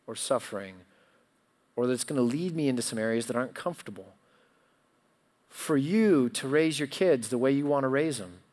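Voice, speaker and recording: A middle-aged pastor delivers a sermon in a slightly raised voice. He rises to loud, insistent emphasis, then drops to a hushed, personal tone as he tells his own story. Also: on the high side. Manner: swings from loud emphatic preaching to quiet, confiding storytelling.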